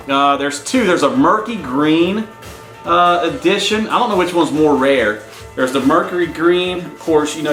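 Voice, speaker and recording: A man casually showing off his collection to viewers in an excited, rambling way, often calling out to them as guys. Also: a little high. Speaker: collector vlogger. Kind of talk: casual show-and-tell vlog. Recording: echoey room with faint music.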